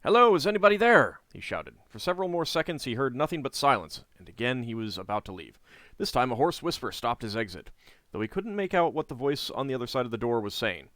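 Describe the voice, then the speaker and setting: A man's voice: medium pitch, fast talker, no echo. Man reading game text, dry close sound. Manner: relaxed, chatty asides. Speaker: gameplay host and narrator.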